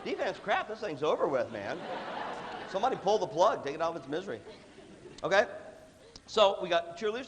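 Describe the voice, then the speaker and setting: Man, leadership workshop, animated delivery, joking, sudden shouts, very expressive pitch, faint room noise. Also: fairly quick, pauses often, big-room sound. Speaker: leadership speaker. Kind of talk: motivational workshop talk. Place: large hall with a student audience.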